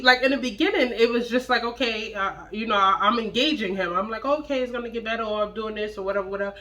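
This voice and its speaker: A young woman with a bright, forceful voice tells a casual storytime to camera. She talks bluntly and with plenty of swearing, acting out what people said. Her pitch rises and falls sharply as she goes. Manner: blunt, profane, animated retelling with acted-out quotes. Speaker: storytime vlogger.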